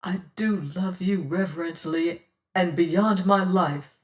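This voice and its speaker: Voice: medium pitch, slow, reverberant, distant mic, natural voice. A reader voicing a passionate, tormented young sailor in an audiobook. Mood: remorseful. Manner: fierce and demanding, then remorseful. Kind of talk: audiobook character reading.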